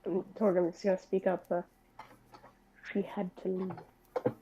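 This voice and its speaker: A woman's voice: lowish voice, flat delivery, slow, noisy background. A woman playing a tabletop role-playing game, describing the scene hesitantly with many fillers. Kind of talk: casual tabletop play over voice chat. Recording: dull lo-fi mic.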